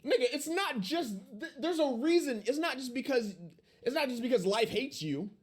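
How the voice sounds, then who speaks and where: A man's voice: very high voice, lively intonation, normal speed. A young man in casual chat, blunt and incredulous as he tells what he saw.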